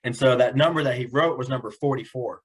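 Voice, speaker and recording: A man's voice: medium pitch, fast talker, breathy edge, poor audio. Young male guest, earnest, casual storyteller, mid-range voice. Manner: earnest, repeats words while telling a personal story. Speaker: podcast guest, special education teacher.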